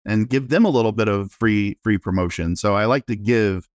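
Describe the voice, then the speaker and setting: Animated self-deprecating man telling stories. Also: on the low side, normal speed, dry recording. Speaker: realtor guest. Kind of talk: casual interview storytelling.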